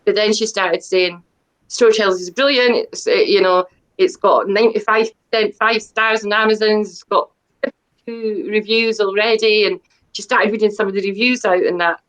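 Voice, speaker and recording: A woman's voice: mid-range voice, fairly even intonation, normal speed, a bit bright, low-quality recording. A middle-aged woman, a debut author chatting as an interview guest, talking in a rambling, self-deprecating way with many fillers and restarts. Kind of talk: casual interview chat.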